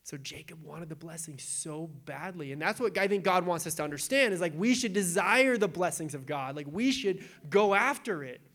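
A young adult man preaching in a casual, animated way, retelling scripture with acted-out quotes. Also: high voice, normal speed, hardly any pauses. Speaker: pastor.

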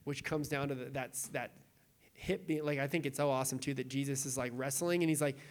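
A man's voice: medium pitch, steady tone, fairly quick. A young adult man preaching a sermon as a pastor, in a casual, conversational way with lots of fillers, sometimes turning tearful. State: tearful, voice breaking.

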